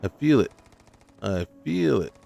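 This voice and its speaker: A man's voice: on the low side, very animated, unhurried, creaky, mellow, highs cut off, faint music behind. A man giving casual gameplay commentary, talking to himself and scolding enemies in mock indignation. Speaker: gaming YouTuber.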